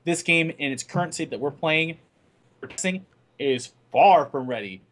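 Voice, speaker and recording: A man's voice: a little high, lively intonation, moderate pace, fairly bright tone. A young man co-hosting a casual gaming podcast, explaining things steadily and often restarting his words. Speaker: podcast co-host. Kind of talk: casual gaming news chat.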